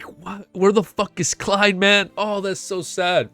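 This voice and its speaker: A young man chatting casually on a live stream while reacting to a web novel, excitable and swearing often. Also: sits high, takes it slowly, smooth.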